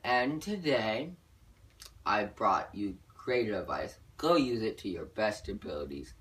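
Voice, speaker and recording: A young man giving joking advice in a rambling, deadpan comedy vlog, a little away from the mic. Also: on the low side, distant mic. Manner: deadpan, rambling, drawn-out delivery. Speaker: vlogger giving joke advice.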